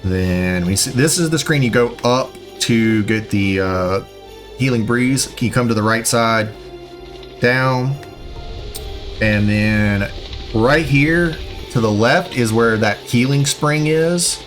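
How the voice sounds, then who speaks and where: A man's voice: medium pitch, slow pace, soft background music. A man recording a let's play, casually talking viewers through the route with rambling, self-correcting directions. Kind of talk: casual gameplay commentary, walkthrough guide.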